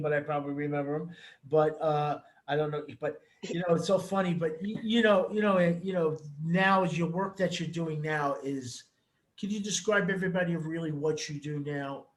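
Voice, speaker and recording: A man's voice: fairly high pitch, fairly even intonation, normal speed, slight background noise. A man from New York hosting an interview, talking bluntly and profanely in a rambling, repetitive way. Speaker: host. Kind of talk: casual interview chat.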